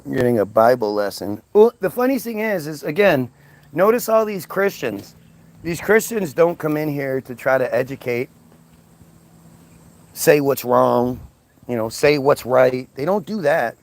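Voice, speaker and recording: A man's voice: medium pitch, expressive, unhurried. A man hosting a livestream, retelling a story in a crude, mocking, rambling way. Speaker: livestream host.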